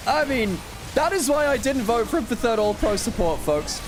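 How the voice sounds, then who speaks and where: A woman doing energetic play-by-play commentary on an esports match, loud and full of exclamations. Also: fairly high pitch, moderate pace, music in the background. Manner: excitable, exclamatory. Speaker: esports caster.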